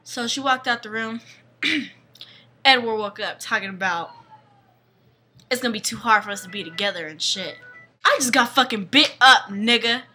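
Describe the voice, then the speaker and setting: A woman's voice: fairly high pitch, normal speed, pauses often, pushed and bright, faint music behind. A woman playing a brash young woman who tells her vampire romance in a crude, slangy comedic parody monologue, acting out the other characters' lines.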